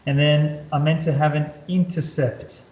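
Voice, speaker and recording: A man's voice: on the high side, little pitch movement, unhurried, darkish tone. Man tutoring calculus in an echoey room. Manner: talks while drawing, repeats words, quizzes the student. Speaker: maths tutor. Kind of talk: whiteboard calculus lesson.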